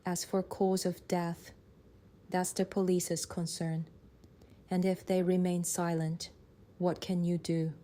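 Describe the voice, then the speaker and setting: A man voicing a calm, menacing, manipulative woman in an audiobook, in a soft, breathy half-whisper with a slow, taunting manner. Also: sits high, pitched above the performer's own voice. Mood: coolly menacing. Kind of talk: audiobook character voice.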